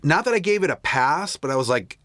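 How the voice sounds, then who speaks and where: A man's voice: a little high, big pitch swings, brisk, fairly bright tone, no room sound. A man co-hosting a podcast, chatting casually about a movie in a rambling, self-interrupting, wry way. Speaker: podcast co-host.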